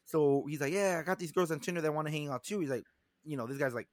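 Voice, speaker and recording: Young guy telling a story, kinda high voice, swears a lot, does everyone's lines, dry close sound. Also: fast, no echo. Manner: animated storyteller, swearing, acting out quotes. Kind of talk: casual storytelling chat.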